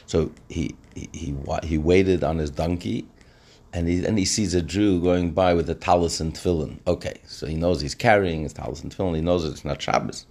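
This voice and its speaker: A man telling a traditional story aloud in an animated way, often restarting his sentences. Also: low voice, fairly quick. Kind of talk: oral storytelling.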